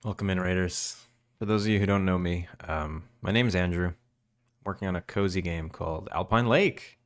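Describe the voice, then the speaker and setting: A young man chatting casually with viewers on a live stream, drowsy and relaxed in his early-morning voice. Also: low-pitched, moderate pace. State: just woken up, morning voice. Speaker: game developer streamer.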